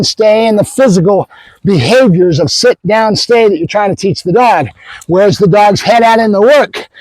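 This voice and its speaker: A man with a high, animated voice runs a puppy training demo, talking casually to viewers as guys. He keeps switching to bursts of excited praise for the dog. The sound is dry and close. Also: no echo, low-quality recording. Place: outdoors at a training area.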